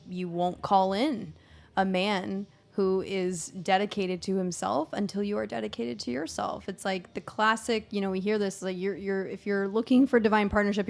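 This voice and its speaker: A woman co-hosting a podcast who affirms her guest warmly, jokes playfully and swears now and then. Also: mid-range voice, creaky. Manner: playful and affirming, swears, bursts into laughing banter. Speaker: podcast co-host. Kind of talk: candid conversational chat.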